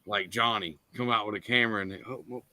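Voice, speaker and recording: A man co-hosting a casual talk show, upbeat and quick to laugh. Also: lowish voice, fairly even intonation, sharp tone. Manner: upbeat, laughs often, reads sponsor lists. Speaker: podcast co-host. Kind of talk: casual chat.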